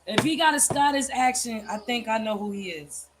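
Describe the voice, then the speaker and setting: A woman's voice: fairly high pitch, animated, moderate pace, background noise. A woman in a casual, chatty conversation, reminiscing with plenty of fillers. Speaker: host. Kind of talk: casual chat.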